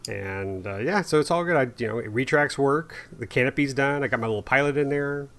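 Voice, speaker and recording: A man's voice: mid-range voice, a little fast, a bit bright. A man co-hosting a casual hobby podcast, rambling with frequent laughs and self-deprecating asides. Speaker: podcast co-host. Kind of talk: casual chat.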